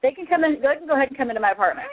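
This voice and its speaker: A woman's voice: high voice, animated, rapid-fire. Defiant woman caller on a tinny phone. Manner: defiant, emphatic. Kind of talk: phone-in talk.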